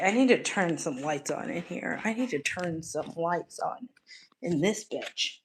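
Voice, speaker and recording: A woman's voice: medium pitch, a little hiss or hum. Chatty, swearing woman streamer. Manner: chatty, swears freely, reads chat aloud. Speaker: live streamer. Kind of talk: casual livestream chat. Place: home, evening.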